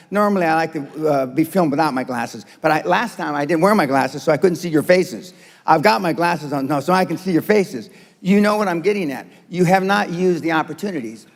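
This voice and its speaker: Gravelly older man lecturing bluntly. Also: fairly high pitch. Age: 70s. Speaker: motivational speaker. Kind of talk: live seminar speech to an audience. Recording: long hall reverb.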